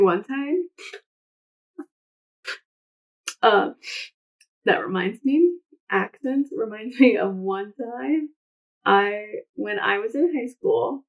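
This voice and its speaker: A young woman chatting casually through a makeup tutorial, rambling into side stories with lots of fillers. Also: medium pitch. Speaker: beauty vlogger. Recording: slightly dull lo-fi sound.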